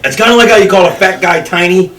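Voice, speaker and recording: A man's voice: sits high, fast, roomy sound, recorded from a distance, background noise. A man telling a long story in casual chat, rambling and profane, often acting out what others said. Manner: rambling, profane, acts out quoted voices. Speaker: podcast co-host.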